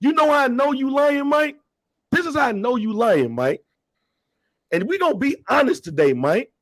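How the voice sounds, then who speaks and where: A man co-hosting a podcast in heated casual banter, loud and teasing, repeating himself insistently. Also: very high-pitched, big pitch swings, moderate pace, no room sound. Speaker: podcast co-host.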